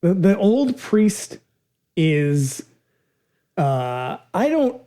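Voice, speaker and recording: Sarcastic male podcast co-host, swings his pitch around a lot, mellow tone. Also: drawn-out words. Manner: animated and sarcastic, swears freely. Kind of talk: casual chat about a film.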